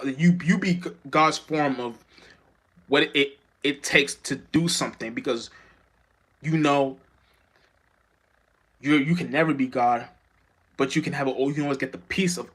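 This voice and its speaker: A man's voice: mid-range voice, moderate pace, pauses often, fairly bright tone, husky. Rambling, profane man preaching spirituality. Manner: rambling, profane, many restarts and stammers. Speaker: spiritual vlogger. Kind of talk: unscripted spiritual monologue.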